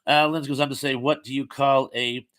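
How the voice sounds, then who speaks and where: A man's voice: mid-range voice, steady tone, brisk, a bit bright. A man hosting a casual livestream, reading viewer comments aloud and rambling loosely between them with many ums and uhs. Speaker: host.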